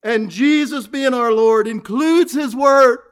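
A man preaching a sermon, reading scripture aloud and repeating his points earnestly, often dropping to a low murmur at the ends of phrases. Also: slow, smooth.

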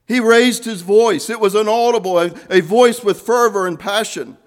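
A man preaching a sermon, earnest, rising to fervent emphasis and then dropping soft. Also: high-pitched, normal speed, few pauses.

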